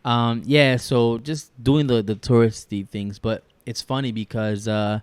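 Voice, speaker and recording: A man's voice: mid-range voice, steady tone, unhurried, clean tone, no echo. A man in his thirties from Chicago, co-hosting a podcast in loose, rambling casual chat with plenty of swearing. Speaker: podcast co-host.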